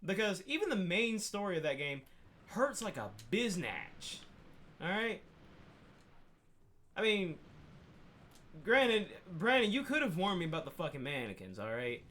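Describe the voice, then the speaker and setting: A man ranting through a casual gaming chat, his pitch sitting a touch high and swinging widely as he talks. He tells stories in a loose, profane way. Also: unhurried, long pauses. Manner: animated, profane storytelling rant. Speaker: podcast co-host.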